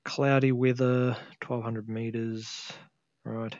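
A man's voice: mid-range voice, flat delivery, slow pace, darkish tone, no room sound, dull audio. A tired man casually commentating a flight sim game he is playing, thinking aloud and humming to himself. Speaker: gameplay video host.

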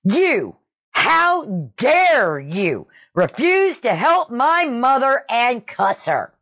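Brief: woman voicing an aggressive man yelling, high and strained. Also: sing-song, drawn-out words, heavily acted. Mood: angry. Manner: screaming, in your face. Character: angry grown son, confrontational man.

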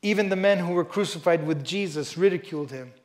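A man with a high voice preaches a sermon to a church congregation. He reads scripture with strong emphasis and drops to hushed asides. Between readings he talks casually and often says "you know". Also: quick pace. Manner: emphatic, swings between loud stresses and quiet asides. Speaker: pastor. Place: church service before a congregation.

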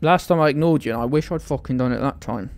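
A man's voice: mid-range voice, quick pace, a little mellow. A young British man streaming a game live, teasing his chat with playful indignation and mock outrage. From United Kingdom.

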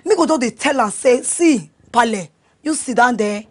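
An actress playing a boastful young woman who brags loudly in sing-song Nigerian Pidgin English in a Nollywood home-video drama. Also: fairly high pitch, expressive, normal speed. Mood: bragging. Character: boastful young woman bragging about her admission letter. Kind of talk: Nollywood film acting.

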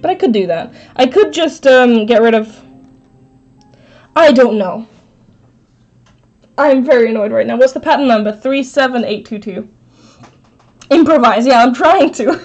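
A woman live streams while crafting, chatting casually, thinking aloud and answering her chat. Her fairly high voice has a darkish tone and a moderate pace with long pauses, heard through slightly dull stream audio with faint background music.

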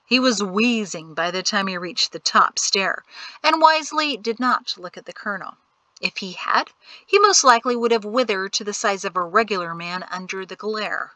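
Bright-voiced woman narrating an audiobook. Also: mid-range voice, no room sound, low-quality recording. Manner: even, measured storytelling. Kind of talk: scripted narration.

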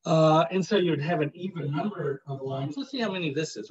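A man's voice: fairly high pitch, fairly quick, hardly any pauses, breathy edge, muffled recording. A male professor giving a chatty, joking university lecture in a classroom, with many fillers.

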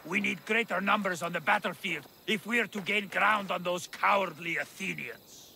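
An actor playing a stern, rousing Spartan commander in a video game, with a gravelly voice. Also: male voice, sits high, normal speed, sharp tone, slight background noise, exaggerated voice. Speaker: Spartan commander recruiting the player. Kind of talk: voice-acted game dialogue. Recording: game audio over music.

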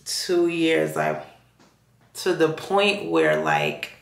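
A woman's voice: low voice, huge pitch swings, drawn-out words, gravelly. A young woman with a Jamaican accent telling a personal story to her viewers in casual vlog chat, acting out the voices she quotes. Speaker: vlogger. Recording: echoey room.

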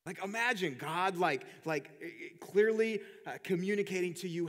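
A pastor preaches in a church hall with long reverb, talking conversationally in a high voice at normal speed with few pauses. He laughs often, restarts sentences, and repeats fillers a lot.

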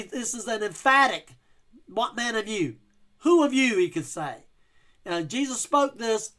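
A man's voice: sits high, a bit bright. A male pastor giving a verse-by-verse teaching sermon, explaining scripture and reading King James wording with emphasis.

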